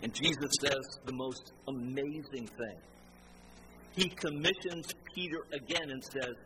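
A man's voice: medium pitch, a little slow. A man preaching a sermon, retelling a story and acting out the quoted dialogue. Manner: animated, acts out quoted dialogue. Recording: noisy ambience behind voice.

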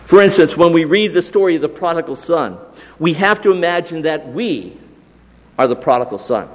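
A man preaching a sermon, slow and deliberate, dropping to a hush on key phrases. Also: a little high, lively intonation. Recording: long hall reverb.

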